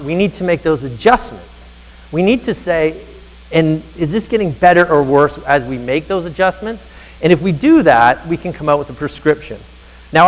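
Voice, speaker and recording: A man in his thirties delivers an earnest motivational talk from a stage, his voice sitting a little high for a man. It rings out with a long hall reverb, and he presses his points home by speaking straight to the crowd. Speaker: conference speaker for teachers.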